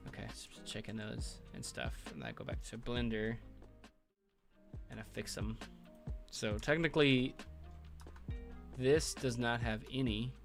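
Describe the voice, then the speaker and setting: A man's voice: mid-range voice, expressive, a little slow, vocal fry, pauses often, faint music behind. A man hosting a livestream, casually talking through his work, thinking aloud with fillers and chuckles. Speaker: livestream host building a game world. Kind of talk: casual livestream commentary while working.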